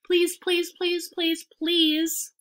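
A woman's voice: very high voice, level tone, extremely slow, a bit bright, pitched above the performer's own voice, full character voice. A woman reading aloud and voicing little goslings in a whiny, begging way.

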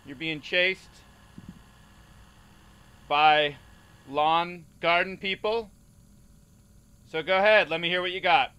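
An actor playing a tired male casting director running auditions in a flat, businesslike way. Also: fairly high pitch, slow pace, pauses often, clear, resonant tone. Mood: bored.

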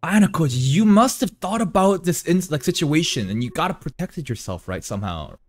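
A man's voice: fairly high pitch, sing-song, a little fast. A man streaming an anime reaction, chatting casually, laughing often and talking to the characters on screen. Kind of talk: casual live reaction commentary.

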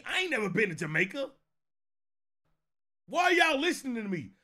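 A high-voiced male streamer reacts to clips in a casual stream chat. He's animated, swinging between low mutters and loud, laughing outbursts.

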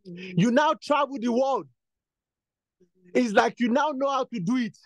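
High-voiced man leading fervent prayer. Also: lively intonation, a little slow, no room sound. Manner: repetitive, insistent, builds to fervent bursts. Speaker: prayer leader. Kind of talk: exhortation and spoken prayer.

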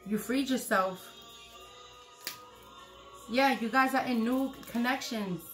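A woman's voice: a little high, slow, faint music behind. A woman doing a casual tarot reading, blunt and profane, repeating her points. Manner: acts out quoted lines loudly. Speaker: tarot reader.

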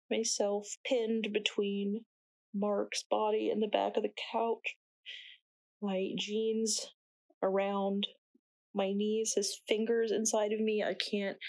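A young woman acting a shaken narrator in a dramatic monologue, speaking slowly and haltingly with long pauses. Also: medium pitch. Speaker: narrator recounting her own ordeal. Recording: distant mic with faint noise.

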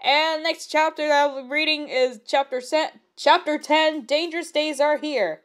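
A woman's voice: sits high, moderate pace. A woman reading fan fiction aloud with comic commentary; she laughs often and stumbles over words.

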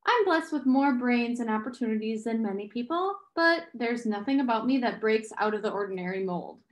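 Gentle modest mom, woman reading, highish voice, echoey. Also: expressive, a little fast, lightly acted. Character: calm, modest mother and scientist.

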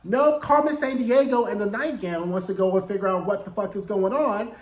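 A man's voice: high voice, fairly quick, reverberant. A man giving a casual, sassy and profane recap of a TV episode, acting out quotes in voices.

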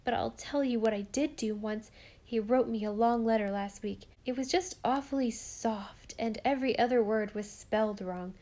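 A sensible, proper young girl with a prim, earnest way of speaking, as a woman narrator puts her on. The voice sits fairly high and clear, a storybook reading. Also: normal speed, mellow, close to an everyday voice. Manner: earnest, sometimes indignant.

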